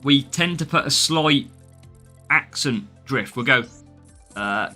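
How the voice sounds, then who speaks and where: A man's voice: mid-range voice, expressive, slow, long pauses, pushed and bright, soft background music. An English man streaming a mobile racing game live, chatting casually, greeting viewers by name and laughing often. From England. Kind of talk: live gameplay stream, reading chat.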